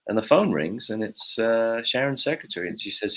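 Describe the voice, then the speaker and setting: A man with a lowish voice tells a long, meandering anecdote, full of "uh" and "um". He speaks in a relaxed, conversational way as an interview guest. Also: fairly quick. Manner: rambling storyteller, many fillers. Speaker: guest bassist.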